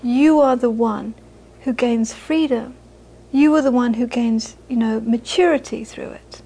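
High-voiced woman giving a dharma talk. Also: unhurried, breathy edge, rough recording. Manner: warm storytelling, laughs often, repeats phrases for emphasis. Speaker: Buddhist teacher. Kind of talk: dharma talk to a live audience.

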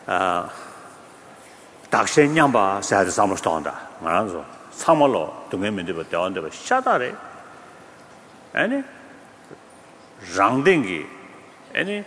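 A man giving a Buddhist teaching in an animated way, chuckling often. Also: lowish voice, unhurried, pauses often. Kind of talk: dharma teaching in a hall. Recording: long hall reverb, faint noise.

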